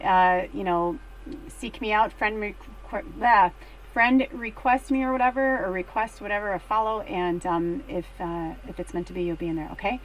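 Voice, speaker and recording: A middle-aged woman reading tarot cards in a casual, rambling chat, full of fillers, swinging between hushed and excited. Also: medium pitch, moderate pace, a little hiss or hum, poor audio. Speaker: tarot card reader.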